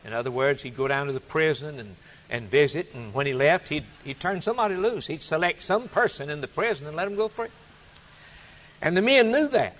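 Man preaching a sermon, emphatic, repetitive, loud-soft swings. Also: on the high side, animated, brisk.

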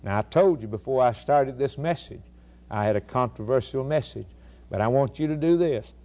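Guy preaching on the radio, emphatic, keeps asking rhetorical questions, goes loud then quiet. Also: mid-range voice, expressive, normal speed. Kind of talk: sermon.

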